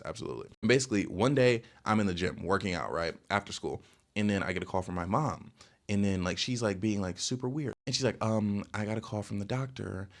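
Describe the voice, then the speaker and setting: Fast, rambling young man telling stories. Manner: rambling, lots of filler "like" and "bro", jumps in pitch. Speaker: storytelling vlogger. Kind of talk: casual storytime rant.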